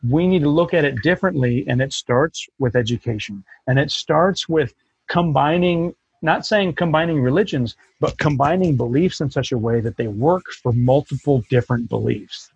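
Male co-host, husky gravelly voice, stammering and emotional, dull lo-fi audio. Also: a little high, dry recording. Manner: halting, repeats himself, emotional. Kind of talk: casual conversation. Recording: dull lo-fi sound.

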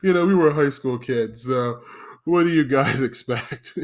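A man's voice: mid-range voice, measured pace, loud music behind the voice. Man, podcast host, casual storytelling, profane, rambling, self-deprecating.

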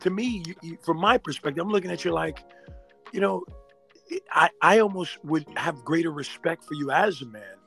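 Gravelly, animated man hosting a podcast. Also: fairly high pitch, moderate pace, faint music behind. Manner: animated, emphatic, slangy. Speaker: podcast host, doctor. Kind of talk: casual chat.

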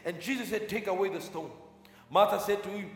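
A man's voice: high-pitched, fairly quick. A man preaching a fervent sermon, repeating phrases and breaking into tongues. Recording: echoey hall with long reverb.

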